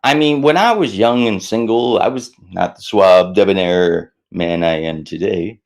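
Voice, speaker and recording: With a measured pace, a middle-aged man talks to camera about coping with stress in an easygoing way. He's lively and self-mocking, pitching his voice up to play worried characters.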